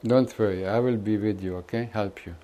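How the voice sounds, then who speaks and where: A man speaking as a spiritual teacher to an audience, calm and gentle at times, teasing and laughing at others. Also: lowish voice, fairly quick, low-quality recording. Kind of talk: addressing an audience at a gathering.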